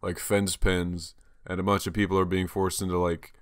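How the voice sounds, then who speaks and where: A man's voice: low-pitched, level tone, moderate pace, no echo, studio quality. A young American man co-hosting a podcast, chatting in a blunt, sarcastic, crude way. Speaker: podcast co-host. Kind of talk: casual chat.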